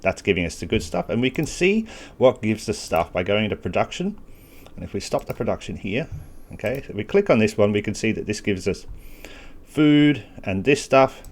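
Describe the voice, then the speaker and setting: A man with a fairly low voice gives relaxed gameplay walkthrough commentary, reasoning out loud as he clicks through menus. He pokes fun at himself now and then and keeps catching the hiccups. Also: moderate pace. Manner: casual, thinking aloud with self-deprecating asides. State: has the hiccups. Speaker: gaming channel host.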